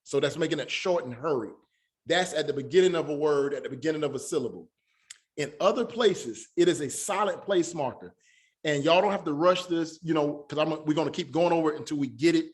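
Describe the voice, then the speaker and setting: A man with a slightly high voice teaches a Hebrew lesson. He is patient and repeats each word slowly so his students can follow. His speech is casual and Southern-tinged, with "y'all" and an easy pace. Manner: patient, repeats words slowly to drill pronunciation. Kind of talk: classroom lesson.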